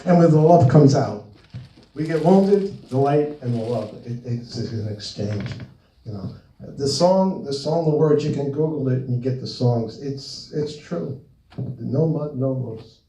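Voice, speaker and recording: A man's voice: medium pitch, lively intonation, measured pace, dark tone, a little hiss or hum. A man from New Jersey giving an informal spiritual talk to a live audience, rambling and acting out bits of dialogue as he tells stories. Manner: storytelling, rambling, acts out dialogue. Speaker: speaker presenting his book. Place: meeting room with audience. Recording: roomy echo, mic at a distance.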